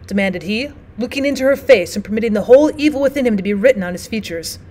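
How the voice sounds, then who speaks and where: A woman teacher narrating a classic novel aloud for students at a steady, clear pace. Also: mid-range voice, quick pace, hardly any pauses.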